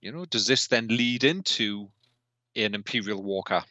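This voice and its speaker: A man's voice: on the low side, normal speed, sharp tone, no echo, dull audio. A man co-hosting a podcast in casual chat, asking questions and often restarting his sentences. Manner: chatty, asks questions, trails off and restarts. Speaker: podcast co-host.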